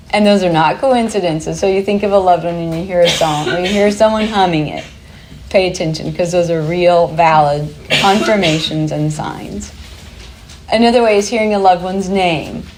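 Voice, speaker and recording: A woman's voice: on the low side, darkish tone, slight background noise. A woman presenting a workshop to a live group, talking in a chatty, upbeat way and laughing easily.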